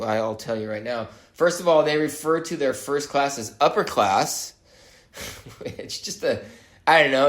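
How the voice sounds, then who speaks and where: A man hosting a solo podcast, talking in a wry, musing way and often pausing to hesitate. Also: mid-range voice, echoey room. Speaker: podcast host.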